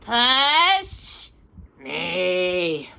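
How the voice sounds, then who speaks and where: A woman's voice: high-pitched, big pitch swings, drawn-out words, pushed and bright, voice pushed up, full character voice. A woman voicing a nervous, anxious young boy in a storybook read-aloud, her voice raised and urgent.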